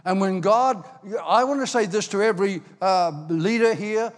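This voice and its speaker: An older man preaching in a hall with a long ringing reverb. His voice sits fairly high for a man, and he tells stories with lively swings between loud and hushed. He acts out the voices of the people he quotes. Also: moderate pace. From Ireland. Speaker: pastor. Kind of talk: sermon.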